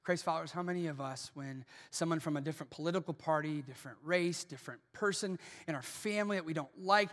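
A man preaching a sermon as pastor in a church, swinging from hushed lines to shouted peaks. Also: fairly high pitch, fast talker, few pauses, long reverb tail. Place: church auditorium.

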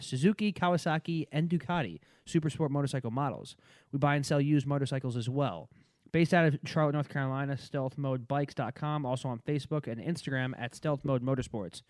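A man on a podcast reading a sponsor ad in an offhand, flat way. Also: mid-range voice, no echo, clean studio sound. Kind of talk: casual ad read.

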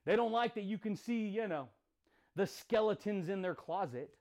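Intense high-voiced man, punchy motivational talk. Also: animated, moderate pace, a little mellow. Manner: intense, punchy, profane, repeats phrases. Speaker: podcast host. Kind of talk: motivational monologue.

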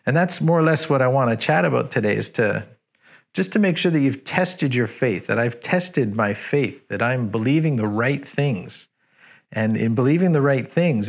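A man preaching a sermon in a conversational, storytelling way, often repeating words as he thinks. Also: medium pitch.

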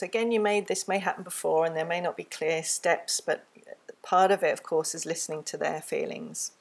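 A woman giving a gentle, earnest solo talk on parenting, recorded close to the microphone and slipping into a soft, soothing tone when she models what to say to a child. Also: on the low side. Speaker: parenting teacher. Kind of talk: reflective spoken talk.

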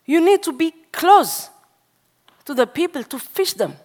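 High-voiced slow preaching woman from Africa. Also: very animated, darkish tone. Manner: non-native English, urgent exhortation. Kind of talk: sermon testimony.

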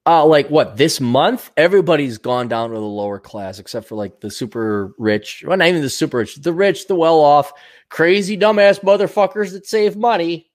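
A man hosting a casual livestream rant has a fairly high, expressive voice. He reads donations aloud and speaks bluntly with plenty of swearing, moving quickly and loosely with many fillers and restarts.

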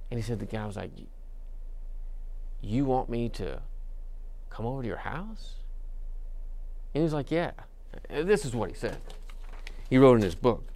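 Male preacher, gravelly, relaxed conversational sermon delivery with frequent fillers. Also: mid-range voice, moderate pace, pauses often. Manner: conversational storytelling with many fillers and restarts. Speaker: pastor.

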